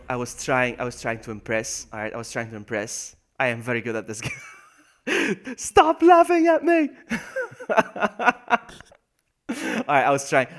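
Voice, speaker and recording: Live gameplay commentary from an excitable streamer who greets viewers by name and makes fun of himself. Danger or mishaps draw high yelps from him, followed by low muttering.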